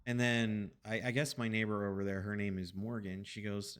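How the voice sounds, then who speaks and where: A man streaming from his apartment, telling a long anecdote in a rambling, animated way with restarts and casual swearing. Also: mid-range voice, moderate pace. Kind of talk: casual storytelling chat. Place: home apartment.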